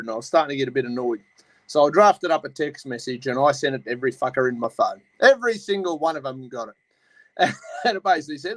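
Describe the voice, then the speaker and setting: A man's voice: a little high, expressive, fast, a bit bright, no room sound, low-quality recording. A man with an Australian accent hosting a casual chat, talking bluntly and swearing as he rambles. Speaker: host.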